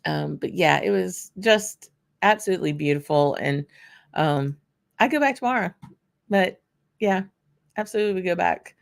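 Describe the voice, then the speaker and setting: Gravelly woman. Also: fairly low pitch, animated, moderate pace, long pauses. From Louisiana. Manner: chatty, answers viewers by name while tasting. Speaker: whisky channel host. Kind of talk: casual livestream chat.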